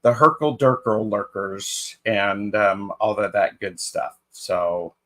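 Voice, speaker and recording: A man's voice: lowish voice, slow, fairly bright tone. A man co-hosting a live tarot stream in casual chat, greeting viewers by name with fillers and restarts.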